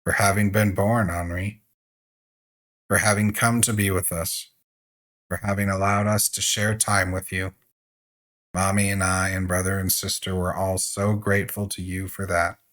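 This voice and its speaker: A man reading a soft-spoken gentle caregiver. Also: deep voice, level tone, moderate pace. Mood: tender.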